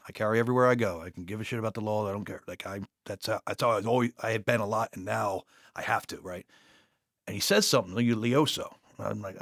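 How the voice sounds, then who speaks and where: A man speaks quickly in a gravelly voice, recorded dry and close in a podcast studio. He tells his police stories casually, with profanity, rambling asides and acted-out quoted dialogue. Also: lowish voice, no room sound. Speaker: podcast guest, police officer. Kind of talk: casual storytelling.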